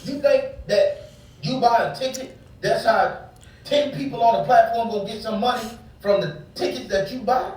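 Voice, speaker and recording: A man's voice: extremely high pitch, moderate pace, darkish tone, far from the mic. A man ranting angrily and profanely in a casual heated talk, preaching at his listeners about relationships. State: angry. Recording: very echoey room, off-mic, faint background hum.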